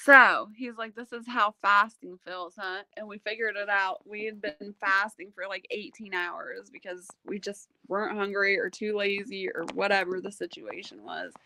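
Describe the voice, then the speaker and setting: A woman hosting a casual livestream, telling stories in a chatty, animated way and laughing often. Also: mid-range voice, moderate pace, few pauses, no room sound. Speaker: livestream host.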